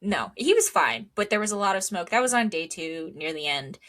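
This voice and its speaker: A woman's voice: mid-range voice, lively intonation, brisk, a bit bright. A young woman co-hosting a casual podcast, rambling with lots of ums and wry asides. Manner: rambling, filler-heavy, wry. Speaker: podcast co-host. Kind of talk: casual chat.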